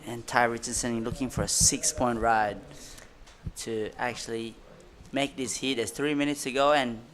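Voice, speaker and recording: A man's voice: mid-range voice, steady tone, normal speed, noisy background. A male surf commentator calls the heat live with easy enthusiasm, letting out little exclamations as riders carve. His phrasing is loose and conversational, drifting into chatty asides between waves.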